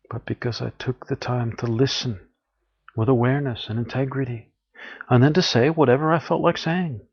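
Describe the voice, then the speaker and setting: A man's voice: medium pitch, gravelly, husky, dull audio. A man giving an earnest, encouraging spiritual talk, often acting out what people say. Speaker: spiritual teacher.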